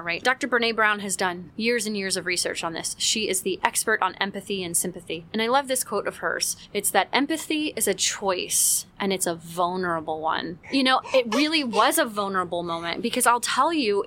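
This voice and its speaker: Woman, mother, casual teaching talk, animated storytelling, bright clear tone. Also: medium pitch. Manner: animated storytelling, with quick acted-out quotes and frequent "like". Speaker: mother sharing a parenting story.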